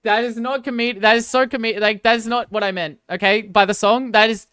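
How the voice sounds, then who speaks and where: A woman's voice: on the high side, steady tone, normal speed, a bit bright, clear, resonant tone, no echo. A woman streamer chatting casually with viewers, rambling and apologizing in a self-deprecating way.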